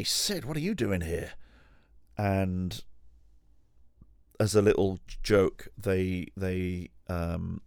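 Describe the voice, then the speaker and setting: A man with a deep, low-pitched voice tells a long story in a loose, rambling way, swearing freely, cutting himself off to restart, and making fun of himself. The recording is dry and close, with no room sound. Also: darkish tone, clean tone, dry recording. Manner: rambling, sweary, self-deprecating, with frequent restarts and laughs. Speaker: podcast host. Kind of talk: casual storytelling monologue. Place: at home.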